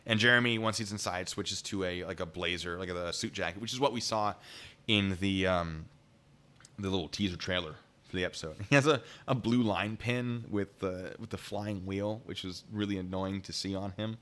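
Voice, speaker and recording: A man telling a story on a live stream, excitable and rambling. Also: sits low, normal speed.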